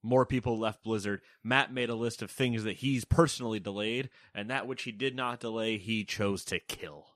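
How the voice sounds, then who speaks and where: Low-voiced joking podcast co-host man. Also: steady tone, normal speed, hardly any pauses, fairly bright tone. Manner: joking, laughing, chatty. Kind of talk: casual banter and news rundown.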